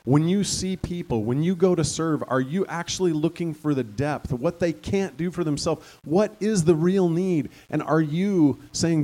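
A man's voice: fairly high pitch, moderate pace, hardly any pauses, mellow. A man preaching a sermon in a conversational way, now and then rising to fervent emphasis. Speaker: pastor.

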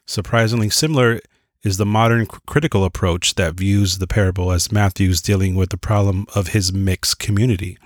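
A man with a fairly low voice teaches a Bible lesson. He reads from his notes in an earnest way, trips over words and corrects himself, and drops in casual asides. The sound is dry and close, with no room echo. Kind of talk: reading notes and explaining, with asides.

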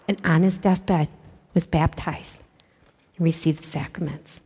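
A woman giving a religious talk to children, telling stories with dramatic hushed asides. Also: sits low, steady tone, measured pace, slightly rough. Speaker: catechist speaking to kids. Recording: long hall reverb.

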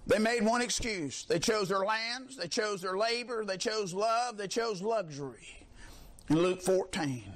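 A man preaching a fiery sermon, shouting, mocking and laughing as the congregation answers back. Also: high-pitched.

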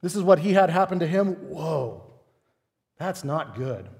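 A man preaches with a fairly high voice that rings out through a hall with long reverb. He talks animatedly, asking rhetorical questions and hammering his points with drama. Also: expressive, a little slow, creaky, darkish tone, breathy edge. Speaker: pastor. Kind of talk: sermon.

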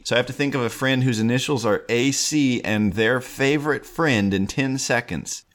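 A young man hosting a solo podcast, chatting in a playful, jokey way. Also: mid-range voice. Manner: playful, animated, jokey asides. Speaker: podcast host. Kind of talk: solo comedic podcast chat.

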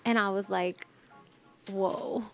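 A young woman talks through a personal story in a loose, rambling way, leaning hard on "like" and trailing off mid-thought. Her voice sits at a middle pitch for a woman. Faint music plays under the conversation. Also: moderate pace, fairly bright tone. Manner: rambling, heavy use of "like", emotional retelling. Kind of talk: casual storytelling in a podcast chat.

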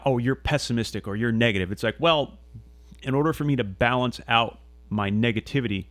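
A man's voice: on the low side, dry recording. A man talking casually on a podcast, earnest and rambling, with many restarts and fillers. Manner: casual swearing. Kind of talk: casual conversational monologue.

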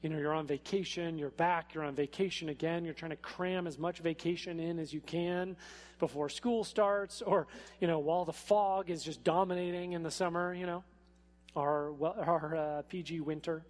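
A man preaching a sermon in a church, speaking in a casual, animated way with frequent fillers. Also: on the high side, normal speed. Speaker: pastor. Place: church sanctuary. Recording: echoey hall.

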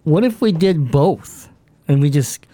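A man's voice: on the high side, expressive, measured pace, dark tone, no room sound. A man playing a tabletop game, offering easygoing suggestions. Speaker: player. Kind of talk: casual tabletop game play.

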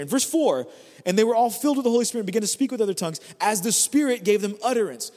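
Guest preacher, man with a high voice, chatty and energetic, repeats lines for punch, long echo of a church hall. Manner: conversational and energetic, repeats phrases for emphasis. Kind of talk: sermon. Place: church service.

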